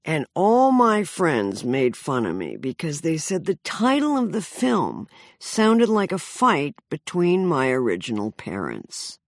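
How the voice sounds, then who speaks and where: A woman's voice: deep voice, wildly swooping pitch, unhurried, dry recording. A woman around sixty narrating her own memoir with dry, self-mocking humor.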